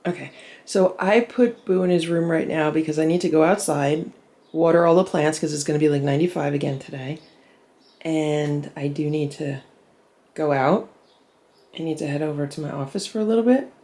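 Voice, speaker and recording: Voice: normal speed, mellow. Chatty cat vlogger filming at home. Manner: chatty, laughs often, coos to the cat in a higher voice. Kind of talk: casual vlog commentary while filming. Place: indoors at home. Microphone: handheld camera held by the speaker.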